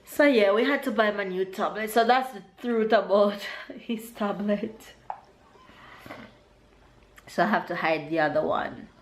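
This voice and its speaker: A woman's voice: mid-range voice, a little slow, pauses often, slight background noise. A young Jamaican woman chatting in a casual home vlog as a mother, laughing often and coaxing her toddler in a sing-song voice. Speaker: vlogger, mother. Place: home, indoors.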